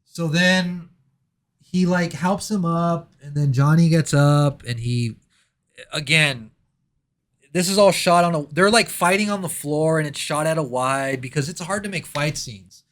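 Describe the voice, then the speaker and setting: A man's voice: a little high, moderate pace, a bit bright. A man reviewing a horror movie in casual chat, ranting sarcastically with mock outrage.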